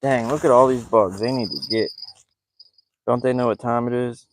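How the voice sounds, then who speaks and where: Out on a lake at night, a fishing vlogger tells stories and jokes from his boat, keeping his voice low in a casual, chatty way. He talks at normal speed with fairly even intonation, and the recording quality is low.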